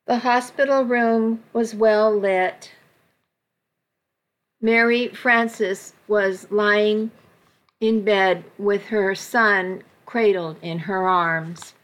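A woman reading a first-person story aloud in an earnest, measured way. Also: medium pitch, fairly bright tone. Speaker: narrator.

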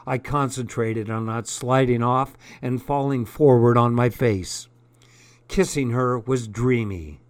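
An audiobook narrator reads a first-person story aloud, going notably slowly and deliberately. His voice is an ordinary middle pitch. The recording is close and dry, without room echo.

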